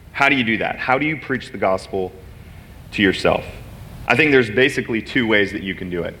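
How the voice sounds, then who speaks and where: A man with a medium-pitched, fairly bright voice gives a guest sermon. Earnest and sometimes emotional, he talks openly about the struggles in his own life.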